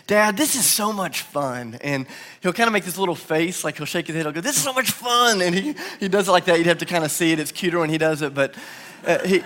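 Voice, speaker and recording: A man, preaching a sermon to his church and telling stories with acted quotes. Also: on the high side. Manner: animated storytelling with acted quotes. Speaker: pastor. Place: large church hall. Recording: long hall reverb.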